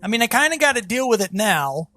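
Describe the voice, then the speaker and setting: An excitable gameplay commentator who keeps breaking into exasperated outbursts and addresses the viewers directly. The voice sits at a middling pitch. Faint game music plays underneath. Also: fast talker. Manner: talks to viewers as "guys". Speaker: gaming channel host.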